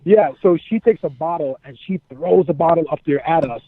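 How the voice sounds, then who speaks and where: A former wrestler, a man, telling profane, animated stories as an interview guest and repeating his phrases as he goes. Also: a little high, a little fast, no room sound. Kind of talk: casual storytelling. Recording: dry, phone-like narrow sound.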